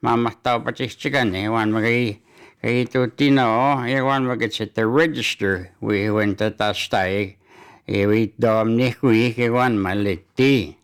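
Male community announcer, unhurried and hesitant, lots of fillers, gravelly texture. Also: on the low side, steady tone. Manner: halting delivery with many fillers. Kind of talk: community announcements and sports news.

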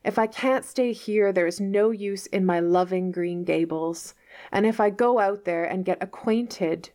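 A woman's voice: medium pitch, unhurried, mellow, natural voice. A woman reading aloud as a dramatic, imaginative orphan girl, with a theatrical, pleading manner. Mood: wistful. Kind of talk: read-aloud novel dialogue.

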